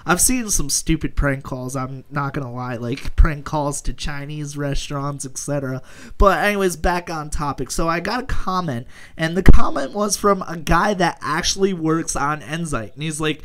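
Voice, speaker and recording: A man's voice: on the high side, moderate pace, a bit bright. A young man, a gaming YouTuber, chatting casually and rambling, with frequent laughs and jokes. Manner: rambling, laughing often, joking. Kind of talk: casual commentary over gameplay.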